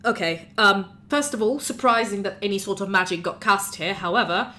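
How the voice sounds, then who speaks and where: Bright-voiced woman running a tabletop game. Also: mid-range voice, normal speed. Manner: chatty, animated narration with fillers. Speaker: game master.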